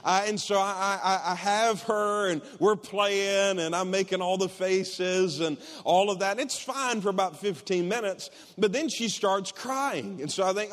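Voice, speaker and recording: A man in his thirties preaching a sermon, earnest and personal, rising to excited shouts as he tells stories. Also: high voice, a little slow, few pauses. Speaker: pastor. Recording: long hall reverb.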